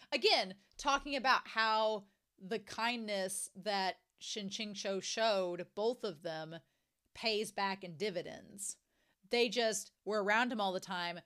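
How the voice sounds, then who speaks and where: A young woman casually discussing a novel she is reading, animated and jumping to excited high notes. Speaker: book reviewer.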